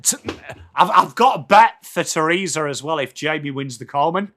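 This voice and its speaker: English guy on a live footy stream, greeting chat, jokey, voice a bit on the high side. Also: animated, moderate pace, a bit bright. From England. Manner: chatty, jokey, greets viewers by name. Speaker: streamer hosting a football watchalong. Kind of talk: casual live-stream chat reading out viewer comments.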